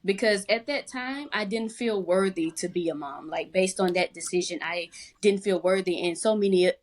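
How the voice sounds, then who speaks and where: A young adult woman, a podcast guest, openly telling a raw personal story with reflective pauses. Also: medium pitch. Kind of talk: personal testimony in a podcast conversation.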